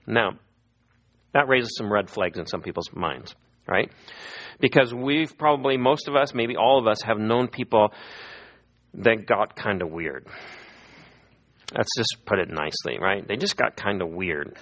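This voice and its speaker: A man's voice: fairly low pitch, normal speed. A middle-aged man preaching a sermon as a pastor, telling stories and acting out the people he quotes. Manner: lively storytelling, acting out quoted voices.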